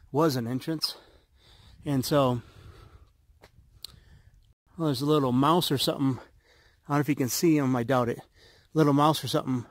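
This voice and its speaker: A man rambling casually to his viewers while walking outdoors on a high mountain road, a little out of breath. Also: no echo. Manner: rambling, chatty, loose. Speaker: vlogger.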